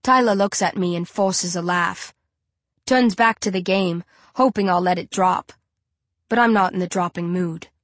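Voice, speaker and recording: A woman narrating a first-person audiobook in an even storytelling manner. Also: fairly low pitch, moderate pace, no room sound.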